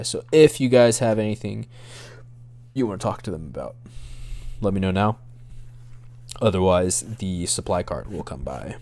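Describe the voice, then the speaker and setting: A man's voice: sits low, a little mellow. A man narrating as game master of an online tabletop game, with dry, teasing banter. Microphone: streaming microphone.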